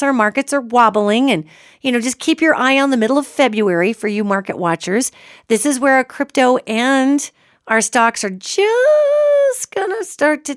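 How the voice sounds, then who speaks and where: A woman's voice: on the high side, dry recording, clean studio sound. A middle-aged woman hosting a solo podcast, talking earnestly and chattily to her listeners. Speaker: psychic podcast host.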